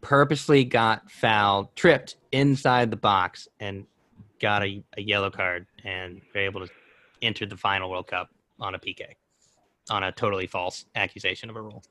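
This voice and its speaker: A man's voice: lowish voice, steady tone, moderate pace, pushed and bright, no room sound. A man in his twenties chatting casually as a podcast co-host, rambling through a personal story with many restarts. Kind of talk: casual chat.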